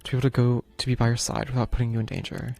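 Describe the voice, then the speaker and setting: A man's voice: mid-range voice, flat delivery, racing, gravelly, dark tone, lightly acted. A man voicing the male Grim Reaper in a video game, a protective and brooding figure who speaks in formal, earnest sentences. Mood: tender.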